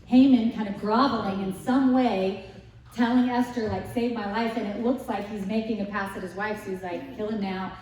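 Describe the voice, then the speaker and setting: A woman giving a casual Bible lesson, retelling the story in a lively way with rhetorical questions to her listeners. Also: medium pitch, normal speed, a little hiss or hum. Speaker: Bible study teacher. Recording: echoey room, distant mic.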